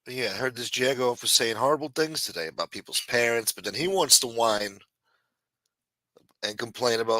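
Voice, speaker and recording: A man's voice: mid-range voice, lively intonation, brisk, pushed and bright, dry recording. A man hosting a casual late-night livestream, trash-talking a rival with profanity and greeting viewers in the chat by name. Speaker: livestream host.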